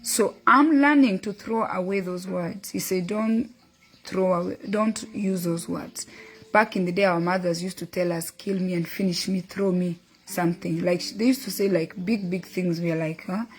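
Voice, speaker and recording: A woman's voice: lowish voice, moderate pace, hardly any pauses, faint music behind. A middle-aged woman hosting a motivational talk, earnestly telling a story and quoting her son and a book. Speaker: host.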